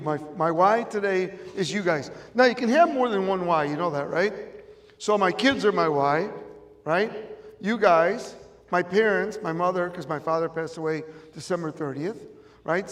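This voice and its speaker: His voice is high-pitched and fairly bright, moving at a moderate pace, as this middle-aged Chicago-accented motivational speaker emphatically repeats his main phrases. He's in an event room with an audience, where a long reverb from the large room surrounds him.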